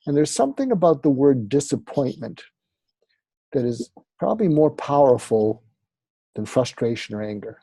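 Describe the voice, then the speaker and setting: A man's voice: medium pitch, very animated, normal speed, warm tone, breathy edge, no echo. A man, a psychiatrist and author, explaining advice as an interview guest in a conversational way, often with fillers. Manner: conversational, acts out sample dialogue, frequent fillers.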